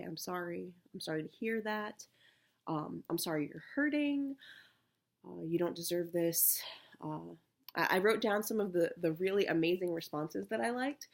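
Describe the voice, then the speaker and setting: A woman in her thirties talking candidly and softly to the camera, with many fillers and pauses. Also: sits low. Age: 30s. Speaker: vlogger. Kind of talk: casual personal talk to camera.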